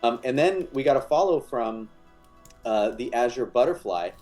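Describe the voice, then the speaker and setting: A man's voice: medium pitch, lively intonation, moderate pace, darkish tone, soft background music. Casual man reading stream thanks. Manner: casual, filler-heavy, friendly. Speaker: tabletop player reading channel thanks.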